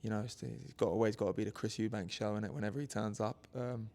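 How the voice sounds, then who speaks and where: A man's voice: on the low side, fairly even intonation, quick pace, warm tone. A young man from England, a boxer, speaking earnestly in an interview with many fillers and restarts. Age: 20s. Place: boxing gym, indoors.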